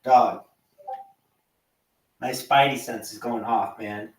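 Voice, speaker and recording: A man's voice: mid-range voice, slow pace, far from the mic. A man hosting a livestream, telling stories in casual, profane chat. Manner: profane, animated storytelling. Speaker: livestream host. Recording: roomy echo, off-mic.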